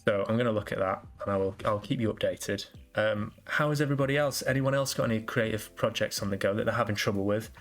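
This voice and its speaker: Podcast host, male, lower register, loose self-mocking ramble, faint music under the voice. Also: quick pace, hardly any pauses. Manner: rambling, self-deprecating, restarts often. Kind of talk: casual solo podcast chat.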